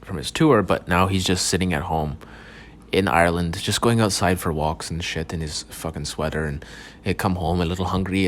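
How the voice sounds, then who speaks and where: Brief: young male podcaster, deep low voice, loose profane rambling monologue, frequent false starts. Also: slight background noise. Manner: rambling, profane, stumbling restarts. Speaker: podcast host. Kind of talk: casual solo podcast monologue.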